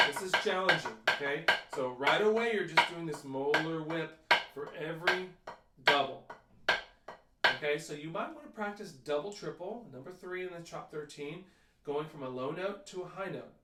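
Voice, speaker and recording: A man's voice: a little high, moderate pace, very noisy. A man teaching drum technique, counting beats aloud and calling out stickings. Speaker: percussion teacher. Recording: echoey room, mic at a distance, loud drumming.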